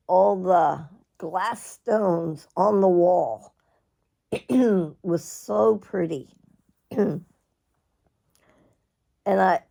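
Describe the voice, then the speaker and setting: A middle-aged woman, telling a personal story in a rambling, halting way, often clearing her throat. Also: low-pitched, warm tone. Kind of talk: casual storytelling.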